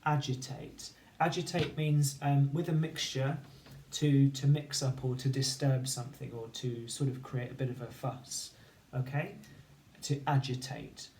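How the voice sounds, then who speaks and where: A man teaching children phonics, slowly sounding out letters and syllables one at a time in a clear, patient way. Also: mid-range voice, steady tone, darkish tone, slight background noise. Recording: echoey room with faint ambience.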